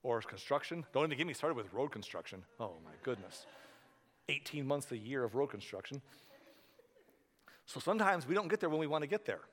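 A male pastor preaching a sermon in a church, conversational and animated, telling stories with asides. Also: mid-range voice, a little fast. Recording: reverberant hall.

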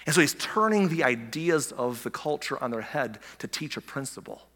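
A man preaching a sermon in a church, eager and excitable, often restarting his words and asking the listeners rhetorical questions. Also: medium pitch, moderate pace, husky. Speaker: pastor. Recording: long hall reverb.

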